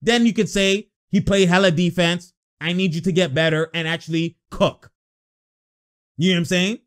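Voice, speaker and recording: A man with a high voice reacts to a basketball game in loose, slangy chat. He laughs a lot, shouts at the plays, then rants at length about a player. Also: moderate pace. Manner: excitable, slangy, laughs often, yells at plays. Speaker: sports reaction vlogger. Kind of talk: casual live game reaction and rant.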